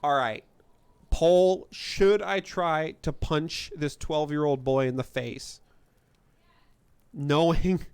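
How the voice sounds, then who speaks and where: A man live-streaming a video game, chatting with viewers and reading lines aloud, loud and animated and laughing often. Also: fairly high pitch, slow, smooth, no echo. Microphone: desk mic with limiter.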